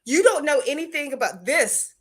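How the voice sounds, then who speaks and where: A woman from Pittsburgh with a Pittsburgh accent, chatting casually on a live stream in an animated way. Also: high-pitched, moderate pace, noisy background.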